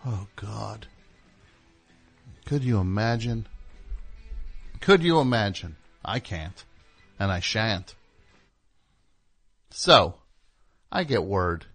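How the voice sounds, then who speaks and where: A man's voice: fairly low pitch, expressive, very slow, pauses often, fairly bright tone, soft background music. A man hosting a talk radio show, rambling through a sarcastic, mocking monologue. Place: radio studio.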